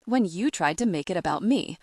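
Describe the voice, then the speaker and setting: A woman reading the lines of a huge, blunt male bodyguard, keeping the words short, grunted and flat. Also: on the low side, fairly quick, husky, dry recording, studio quality. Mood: terse. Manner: grunting, terse.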